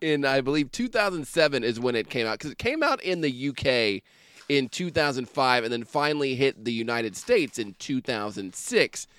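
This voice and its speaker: A man's voice: medium pitch, clear, resonant tone, no echo, clean studio sound. A man co-hosting a horror film podcast, chatting casually and joking around. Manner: animated, jokey, quick to riff. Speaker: podcast co-host. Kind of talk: casual chat.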